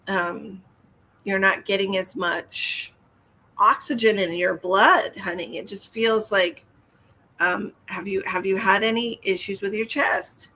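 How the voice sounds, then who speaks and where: A woman psychic medium talks viewers through live readings in a soothing, gentle way, calling them hun and honey. Her voice sits at a mid pitch. A faint hiss of noise runs under her voice. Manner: soothing, calls viewers hun and honey, reads comments aloud.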